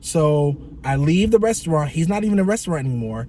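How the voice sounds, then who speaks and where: A man tells a story straight to the camera in a casual vlog, cursing freely and acting out his friend's lines. His voice sits a little high for a man. A faint background ambience hums under the talk. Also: fast talker, a little hiss or hum. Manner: animated, profane, imitates his friend in shifting voices. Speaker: vlogger.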